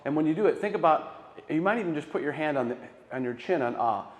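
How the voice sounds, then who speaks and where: Man coaching choir warm-ups in a hall. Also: on the high side, expressive, fast. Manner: encouraging, counts breaths aloud. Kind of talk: vocal warm-up instruction. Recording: reverberant rehearsal hall.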